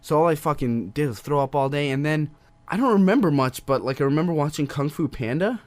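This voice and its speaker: A man's voice: a little high, fairly quick, dry recording. A young man, a podcast co-host, casually telling a story and swearing constantly. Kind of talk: casual chat.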